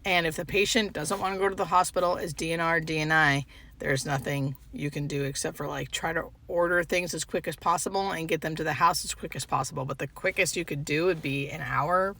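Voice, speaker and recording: A young adult woman, a hospice nurse, talking tearfully to the camera from her parked car, halting and fighting back tears. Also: deep voice, creaky, pushed and bright. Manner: halting, emotional, restarts with fillers. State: tearful, holding back crying. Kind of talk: emotional vlog, talking to camera.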